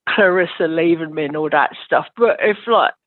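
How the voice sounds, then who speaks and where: A man's voice: on the high side, moderate pace, no echo, close to an everyday voice. A man playing a heartbroken, stammering guy. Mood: sheepish. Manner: hesitant, stammering, mumbling. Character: heartbroken, insecure man out at a bar. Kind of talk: improv scene. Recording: tinny phone-like line.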